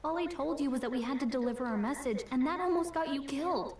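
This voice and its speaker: A cheerful young guide companion. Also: female voice, high-pitched, expressive, fast, darkish tone. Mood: concerned. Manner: friendly, teasing, reassuring. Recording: roomy distant game audio with faint ambience.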